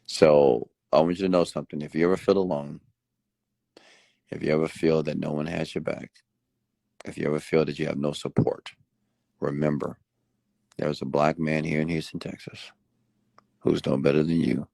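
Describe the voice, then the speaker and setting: A man delivering a late-night motivational rant, preachy and repetitive, now and then jumping high to mimic other people. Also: moderate pace, creaky, pauses often, no room sound. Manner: animated, mimics other people with sudden high-pitched outbursts; preachy, repeats phrases for emphasis. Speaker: motivational host. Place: Houston.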